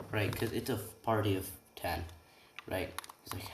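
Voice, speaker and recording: A man's voice: fairly low pitch, steady tone, normal speed, noisy background. A young man improvising a fan-fiction story, rambling and often tagging "right?" and correcting himself. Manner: rambling, frequent tag questions and self-corrections. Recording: roomy room, distant mic, keyboard typing.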